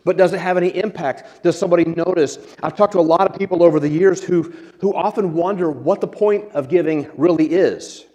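A man's voice: high-pitched, brisk, few pauses, warm tone. A man preaching a sermon as a pastor, conversational with self-deprecating humor and frequent restarts. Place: church sanctuary. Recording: long church reverb.

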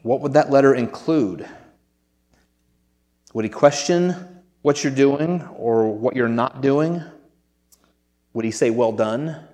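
A man's voice: mid-range voice, takes it slowly, long pauses, mellow, big-room sound. A man preaching a sermon to his congregation in an earnest, conversational way, often restarting his sentences. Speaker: pastor.

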